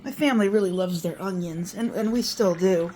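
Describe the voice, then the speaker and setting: A woman's voice: mid-range voice, a little fast, warm tone, a little hiss or hum. A middle-aged woman chatting in a folksy way as she cooks in her home kitchen, with reminiscing asides. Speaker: home cooking vlogger. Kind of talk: casual cooking vlog.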